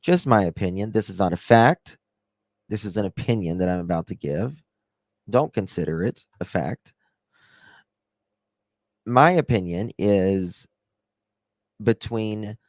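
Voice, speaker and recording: A man's voice: on the low side, darkish tone, no echo. A man hosting a casual livestream from his home office, rambling and repeating himself as he reads chat and talks things through. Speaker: livestream host. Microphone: desk microphone. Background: birds chirping through open window.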